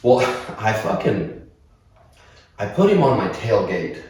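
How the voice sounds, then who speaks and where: A man from Oklahoma, co-hosting a podcast and telling a story in a casual, animated, profane way. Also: on the low side, slow pace, a little hiss or hum. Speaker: podcast co-host. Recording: echoey room, mic at a distance.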